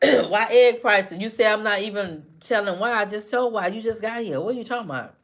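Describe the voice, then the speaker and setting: A woman with a medium-pitched voice speaks briskly while hosting a casual live stream. She responds to her chat commenters by name, teasing them with repetitive banter.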